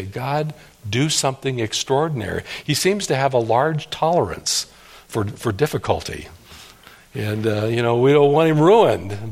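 Earnest pastor preaching with pleading intensity. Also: male voice. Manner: earnest, pleading, rising to emphatic cries and dropping to hushed lows. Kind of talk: sermon.

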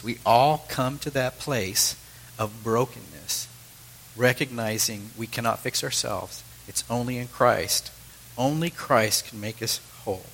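A man's voice: medium pitch, a bit bright, a little hiss or hum, poor audio. A middle-aged man preaching a sermon as pastor, teaching in a conversational way with asides to the congregation.

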